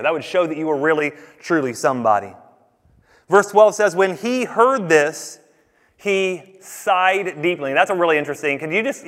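A man with a fairly high voice preaching from the front of a church. He talks in an animated, conversational way, dropping quick asides as he teaches. His voice rings out with a long reverb through the sanctuary. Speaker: pastor. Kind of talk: sermon.

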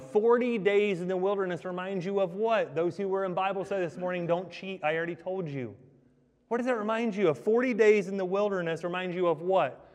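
A male pastor delivers an emphatic sermon, repeatedly firing rhetorical questions at his listeners. His fairly high voice rings through a large hall with a long reverb tail.

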